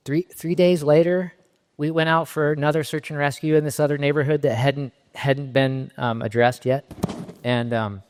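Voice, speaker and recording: A middle-aged man from Southern California giving a keynote talk, telling a personal story in a halting, emotionally raw way with frequent restarts. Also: mid-range voice. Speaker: keynote speaker. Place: conference stage in a large hall. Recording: reverberant hall sound.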